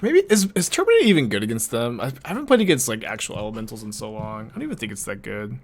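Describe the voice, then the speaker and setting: A man's voice: mid-range voice, big pitch swings, rapid-fire. Chatty man streaming a card game. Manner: thinks aloud, chatty, answers chat questions. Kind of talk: casual live-stream gameplay commentary.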